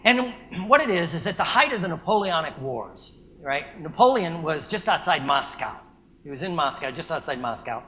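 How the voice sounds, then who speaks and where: Man, lecture speaker, animated storytelling, high bright voice. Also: slight background noise. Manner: animated storytelling with frequent "right?" check-ins.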